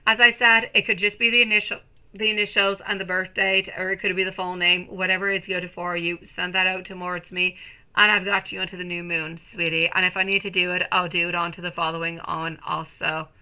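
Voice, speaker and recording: A woman in her thirties reads tarot on a live stream, chatting affectionately with viewers and calling them sweetie and my lovely, with gushing, excited bursts. Her voice is lowish and a little fast, and the recording quality is low.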